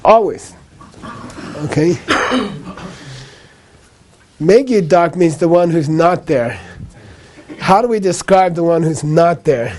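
Male Buddhist teacher, mellow tone, slightly high pitch, patient and repetitive, keeps checking "okay?". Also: animated, slow pace, pauses often, slight background noise. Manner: repetitive, checks in with "okay?" after each point; patient explaining with a light laugh. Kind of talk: live lecture to a class.

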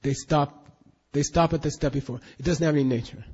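A man's voice: a little high, fairly even intonation, fairly quick, darkish tone, husky. A man teaching a Buddhist class in an emphatic, questioning way, drilling students in recitation, on a dull lo-fi recording.

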